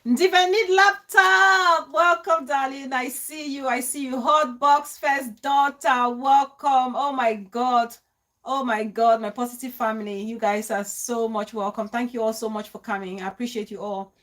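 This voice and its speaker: A woman hosting a live stream, warmly greeting viewers by name and talking into her phone. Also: on the high side, fairly even intonation, moderate pace. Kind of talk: live stream chat reading comments.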